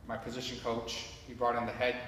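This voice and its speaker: A man's voice: medium pitch, monotone, a little fast, a bit bright, far from the mic, a little hiss or hum. A man telling his story in a hall. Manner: earnest, conversational storytelling that addresses the audience directly. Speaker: motivational speaker. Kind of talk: personal story told to a live audience. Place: large hall with an audience. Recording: echoey hall recorded from afar.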